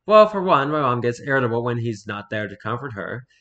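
A man's voice: mid-range voice, sing-song, sharp tone, muffled recording. Guy reading stories off the internet, mid voice, trips over words and chats about them. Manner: reads haltingly, stumbles and repeats words, then comments offhand. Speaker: streamer reading online stories. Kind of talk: casual read-aloud with commentary.

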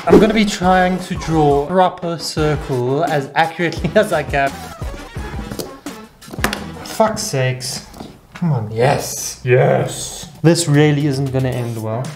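A young man filming a casual challenge vlog as a YouTuber. He is excitable, swears a lot and breaks into loud outbursts. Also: fairly high pitch, takes it slowly, reverberant, faint music behind.

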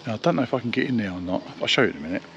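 A man's voice: fairly low pitch, lively intonation, very fast, fairly bright tone, dull audio, slight background noise. A man chatting casually to camera as a travel vlogger, rambling and self-deprecating. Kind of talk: casual vlog narration.

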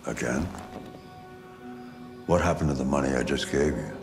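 A gravelly old painter father. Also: extremely low pitch, moderate pace. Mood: stern. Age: older. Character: elderly stern male painter, a weary father. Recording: game audio with music.

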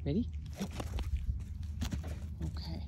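A woman's voice: extremely slow, highs cut off. Woman chatting to her pets, noisy background. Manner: fond scolding pet talk. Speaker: vlogger. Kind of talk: talking to pets.

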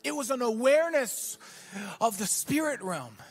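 A man preaching a sermon as pastor, telling a story and then building to shouted exhortation in a church. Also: extremely high pitch, animated, normal speed, slightly rough.

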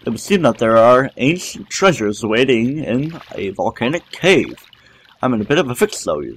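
A man's voice: mid-range voice, big pitch swings, normal speed, a little hiss or hum, lightly acted. A man voicing a pompous, eager male explorer in a game, talking in a theatrical old-fashioned posh way. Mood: grandiose.

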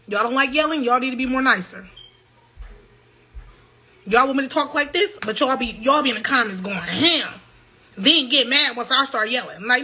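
A young woman vents to her livestream viewers in a heated, loud, profane rant. Her voice sits high and sounds bright and sharp. She repeats herself again and again as she pushes her point. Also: lively intonation, moderate pace, long pauses, slightly rough.

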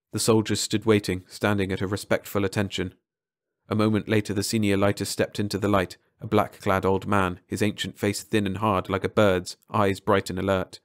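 A man narrating a short science fiction story aloud in a measured way, slowing on key phrases. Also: on the low side, no room sound, clean studio sound. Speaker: audiobook narrator.

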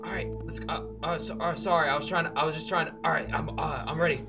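An excitable gamer giving casual commentary on a horror game, chatting to the characters on screen and now and then bursting into loud yells. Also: mid-range voice, fast talker, gravelly. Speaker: let's play gamer. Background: background music beat.

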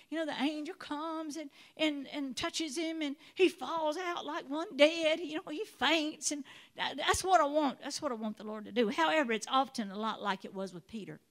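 A woman with a high, bright-sounding voice preaches a sermon. She tells Bible stories with animated storytelling and slips into the voices of the characters as she goes. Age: adult. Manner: animated storytelling, acts out voices of biblical figures.

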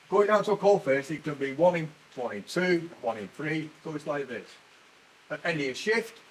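An older man, a former miner guiding visitors through a museum, telling stories with lively energy and laughing at himself. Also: on the high side, slight background noise, low-quality recording. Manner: animated storyteller, laughs at himself. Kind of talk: guided tour talk. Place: indoor mining museum.

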